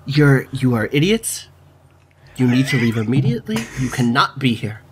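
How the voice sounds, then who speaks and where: A man's voice: medium pitch, sing-song, normal speed, noisy background, close to an everyday voice. A man doing a hostile, torn pastry chef. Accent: French, put on.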